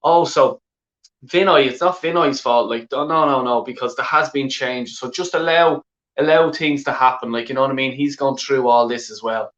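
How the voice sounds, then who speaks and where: An Irish man with a mid-range, slightly bright voice rants angrily on a live stream as a football fan, talking at normal speed. He swears constantly, sounds exasperated, and keeps repeating filler phrases. The audio is dull and roomy.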